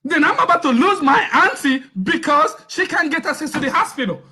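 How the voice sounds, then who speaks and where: A man's voice: extremely high pitch, lively intonation, a little fast, sharp tone. A man calling in to a live talk show, close to tears, agitated and pleading, often raising his voice. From Nigeria. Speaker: caller.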